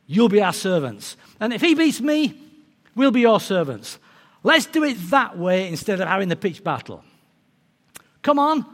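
A man's voice: sits high, a bit bright, full character voice. A man voicing a boastful giant warrior who bellows taunts, during a sermon. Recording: long reverb of a large hall.

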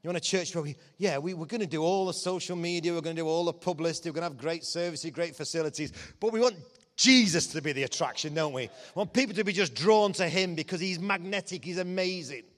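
A man preaching a lively, joking sermon to a church congregation, his voice often rising to shouts of excitement. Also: on the high side, fast talker. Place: church hall. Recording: long hall reverb.

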